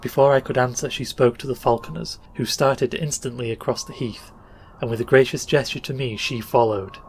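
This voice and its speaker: A man narrating an old short story for a podcast in a measured, even reading. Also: mid-range voice, slight background noise. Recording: faint music bed under voice.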